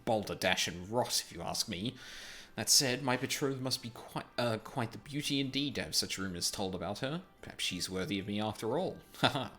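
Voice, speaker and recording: A man's voice: lowish voice, expressive, moderate pace, pushed and bright, soft background music. A man doing a haughty young suitor. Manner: dismissive, haughty.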